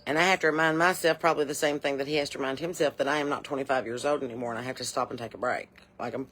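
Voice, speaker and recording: A woman's voice: very deep voice, steady tone, very fast, a bit bright. A woman in her forties playing a chatty, folksy mom, rambling on her porch with a drawl. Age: 40s. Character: chatty middle-aged Southern porch mom, nosy and folksy. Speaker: comedy character host. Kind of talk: improvised character monologue. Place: on a porch outdoors.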